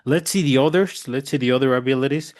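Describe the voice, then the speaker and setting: Man teaching English slowly. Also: medium pitch. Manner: slow drilled example sentences, repeats in Spanish. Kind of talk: online bilingual lesson.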